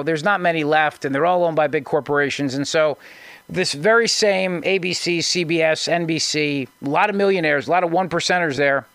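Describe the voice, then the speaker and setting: Male radio host, fairly high voice, dry booth sound, sarcastic commentary with frequent restarts. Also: fairly bright tone, no room sound. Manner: sarcastic, mocking, restarts often. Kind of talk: conservative talk radio commentary.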